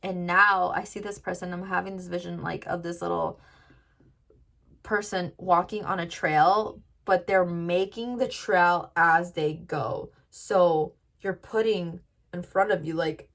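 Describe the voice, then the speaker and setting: A woman's voice: fairly low pitch, fairly even intonation, measured pace, fairly bright tone. A woman giving a casual tarot reading to viewers, chatty and full of "like" fillers. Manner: chatty, lots of "like" fillers, addresses viewers directly. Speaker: tarot reader.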